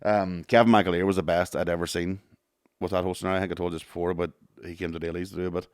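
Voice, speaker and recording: A man's voice: deep voice, racing, no room sound, clean studio sound. A man, a podcast co-host and comedian, telling sweary gig stories in casual chat. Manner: sweary, animated storyteller.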